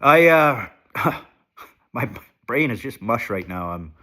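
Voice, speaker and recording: A man's voice: mid-range voice, sing-song, takes it slowly, pushed and bright. Shaky, stuffed-up man rambling. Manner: rambling, sweary, self-deprecating. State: sick and shaky, stuffed-up sinuses. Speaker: vlogger. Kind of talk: casual confessional vlog. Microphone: handheld phone.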